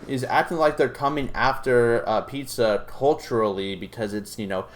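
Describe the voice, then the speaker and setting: A man's voice: mid-range voice, normal speed. A young man hosting a reaction video, ranting casually in a profane, rambling way full of fillers and restarts.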